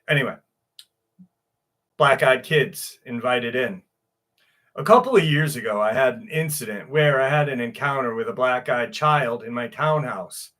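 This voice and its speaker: Bright-voiced joking livestream host man. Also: medium pitch, lively intonation, moderate pace. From New York. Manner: jokey, crude, greets chatters by name. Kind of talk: casual livestream chat.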